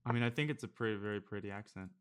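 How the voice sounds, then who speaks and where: Here a man talks through his online blitz chess games on stream, offering casual, jokey live commentary on his moves. He speaks very fast in a lowish, smooth voice.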